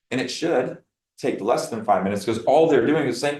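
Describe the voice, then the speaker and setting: A man leading his team in a meeting. He coaches them in a lively way and acts out dialogue with clients. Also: mid-range voice, normal speed, reverberant, low-quality recording. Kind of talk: meeting talk. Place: meeting room.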